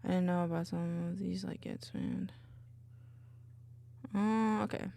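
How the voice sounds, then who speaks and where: A woman streamer chatting casually with viewers from her home desk, bubbly and rambling, into a mic on a boom arm. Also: fairly even intonation, unhurried, gravelly, warm tone. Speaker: VTuber streamer. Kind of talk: casual livestream chat.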